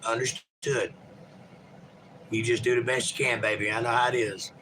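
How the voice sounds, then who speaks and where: A man's voice: mid-range voice, little pitch movement, moderate pace, bright, forceful tone, a little hiss or hum, low-quality recording. A man hosting a livestream, reading viewer chat aloud and chatting in a rambling, folksy, joking way.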